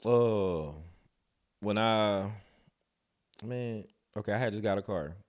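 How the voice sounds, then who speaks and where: A man in his thirties co-hosting a podcast, chatting casually and telling stories with lively acted-out quotes. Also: lowish voice, slow pace. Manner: animated storyteller, acts out voices. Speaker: podcast co-host. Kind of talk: casual chat.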